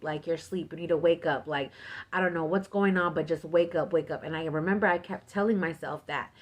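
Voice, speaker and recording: Woman vlogger, lower voice, animated storytime full of fillers. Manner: filler-heavy, animated retelling with "like". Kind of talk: casual storytime vlog.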